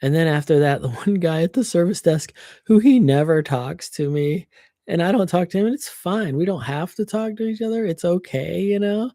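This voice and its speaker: A woman's voice: fairly low pitch, animated, moderate pace, mellow, dry recording, studio quality. A woman chatting casually on a livestream, venting and swearing freely into her computer microphone.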